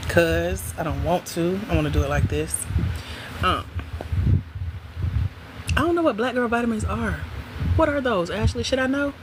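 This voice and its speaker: A woman hosting a livestream from home, chatting casually with viewers in an animated way and laughing often. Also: mid-range voice, moderate pace, long pauses, noisy background. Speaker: livestream host.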